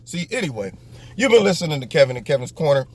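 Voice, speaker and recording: A man's voice: fairly high pitch, sing-song, fast. A man hosting his own political talk show, delivering a sarcastic commentary monologue and slipping into mocking voices. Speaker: host.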